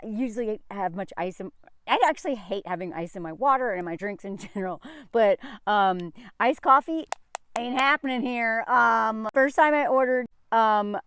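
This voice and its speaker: American woman vlogging, laughs a lot, kinda high voice, dry close sound. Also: normal speed, fairly bright tone, clear, resonant tone, no echo. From United States. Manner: chatty, laughs often, mimics people in asides. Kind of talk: casual chat.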